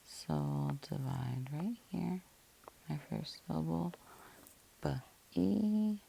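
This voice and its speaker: A woman's voice: sits low, animated, slow, gravelly, warm tone, a little hiss or hum. A woman teacher giving a patient, methodical phonics lesson, breaking words into syllables and spelling them out letter by letter.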